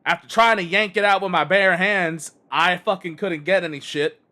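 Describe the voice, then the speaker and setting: Brief: male streamer, high bright voice, exasperated cursing rant while gaming. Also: normal speed. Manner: exasperated, heavy swearing.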